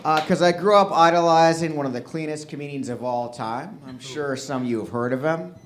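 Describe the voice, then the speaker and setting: A man doing a dark stand-up set at an open mic, with deadpan crowd work. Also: fairly high pitch, brisk, a little hiss or hum.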